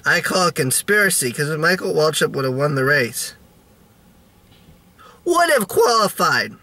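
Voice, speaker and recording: A man vlogging in a halting, rambling way, full of restarts and fillers, with a melodramatic, self-pitying tone. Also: on the high side, pushed and bright. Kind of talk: rambling video diary.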